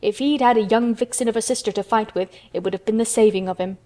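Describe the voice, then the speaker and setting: A woman's voice: a little high, fast, warm tone, close to an everyday voice. A woman voicing a careless young nurse who makes amused, blunt remarks in a storybook reading.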